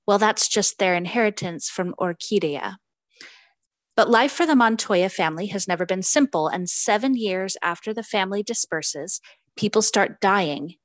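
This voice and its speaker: A woman co-hosts a podcast in relaxed conversation, chatty and giggly with plenty of fillers, and also reads a book synopsis aloud. Her voice is mid-range, and there's no echo.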